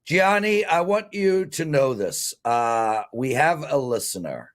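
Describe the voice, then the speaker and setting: A man in his fifties hosts a sports betting show. He rambles warmly and earnestly, openly emotional, at an ordinary mid pitch. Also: expressive, slow. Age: 50s. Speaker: host.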